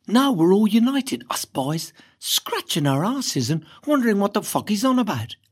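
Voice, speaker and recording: A woman reading a first-person novel aloud in a lively, cheeky storytelling manner. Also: mid-range voice, moderate pace, few pauses, breathy edge. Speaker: reader.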